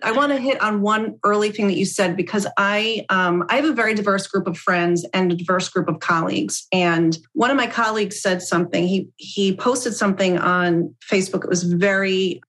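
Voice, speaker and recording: A middle-aged woman hosts a casual podcast interview. She talks in an animated, chatty way, laughing as she tells stories. Her voice sits at an ordinary middle pitch. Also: moderate pace, few pauses. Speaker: podcast host.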